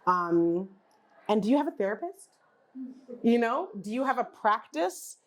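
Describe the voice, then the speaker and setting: A woman giving a conversational talk at a wellness summit, animated, posing questions to the audience and acting out what other people say. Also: fairly high pitch, a little slow. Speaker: genealogy practitioner and speaker. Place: summit event.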